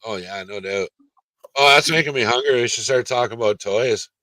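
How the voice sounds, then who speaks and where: A man's voice: mid-range voice, a little fast, bright, forceful tone, no echo. A man hosting a casual toy-collecting chat, easygoing, steering the talk and asking his co-hosts questions.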